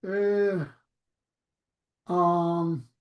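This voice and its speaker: A man's voice: high-pitched, level tone, very slow, reverberant, lo-fi sound. A man hosting a live stream, reading viewer comments aloud in a blunt, offhand, profane way. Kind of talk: casual live chat.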